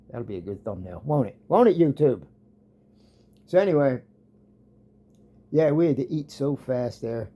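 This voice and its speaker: A man's voice: mid-range voice, expressive, moderate pace, pauses often, warm tone, breathy edge. A man vlogging a rambling, sarcastic rant about an old job, often trailing off.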